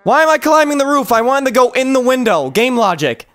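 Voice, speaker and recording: Young male streamer, high, bouncy voice; playful and giggly, reads on-screen prompts aloud. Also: big pitch swings, fairly quick, a bit bright, no echo, soft background music. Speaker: gameplay streamer. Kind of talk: casual let's-play commentary.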